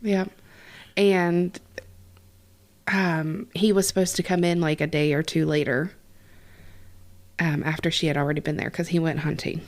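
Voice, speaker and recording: A woman's voice: sits low, little pitch movement, measured pace, pauses often. A woman co-hosting a casual podcast from a home kitchen, talking through details in a conversational way. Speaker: podcast co-host. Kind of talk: casual chat.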